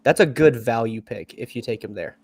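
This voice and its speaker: Blunt fantasy football co-host, dry close-miked sound. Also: male voice, medium pitch, lively intonation, a little fast, dry recording. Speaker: podcast co-host. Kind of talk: casual fantasy football chat.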